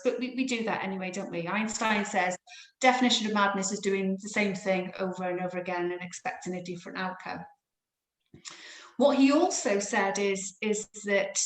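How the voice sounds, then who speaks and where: Reflective woman in an echoey room. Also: medium pitch. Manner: reflective, searching, with many restarts. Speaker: therapist and trainer. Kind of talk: panel discussion.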